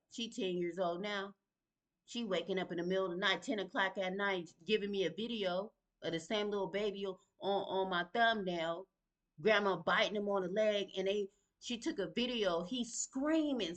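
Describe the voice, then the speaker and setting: A middle-aged woman, venting in an emotional direct-to-camera vlog, heated and confrontational, calling out absent people in plain vernacular speech. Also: mid-range voice. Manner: Southern vernacular, sighs and breathes to calm down. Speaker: mother venting on a video.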